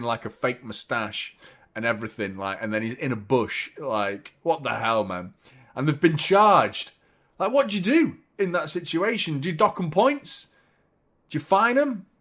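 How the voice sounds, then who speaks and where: Man, young adult, live match reaction, casual chat, swearing, bursts of shouting. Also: medium pitch. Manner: chatty, swears, shouts in outrage at fouls. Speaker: football watchalong host.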